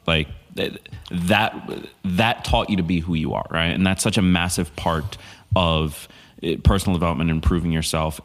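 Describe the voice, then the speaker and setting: A man hosting a podcast interview, thinking aloud in a halting way with frequent fillers. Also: sits low. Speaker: podcast host. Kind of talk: interview conversation.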